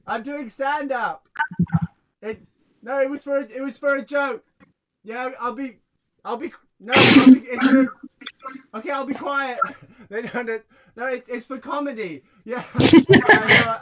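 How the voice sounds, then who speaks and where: A young host with a high voice runs a comedy showcase over a video call. He giggles often and stumbles over his words in a casual, flustered way. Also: measured pace, crowd noise. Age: young adult. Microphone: laptop or headset mic on a video call.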